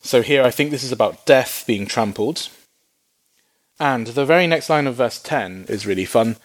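A man giving a sermon as Bible teaching, in a mid-pitched voice. He keeps it lively and funny, breaking into playful little voices when he quotes people. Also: normal speed. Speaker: preacher.

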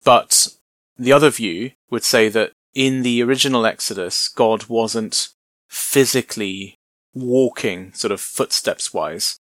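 A man leads a Bible study, walking through the passage verse by verse in a relaxed, conversational way and adding wry asides. His voice sits at a middling pitch. The recording is close and dry, with no room echo. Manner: conversational, explaining with light humor. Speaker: Bible teacher.

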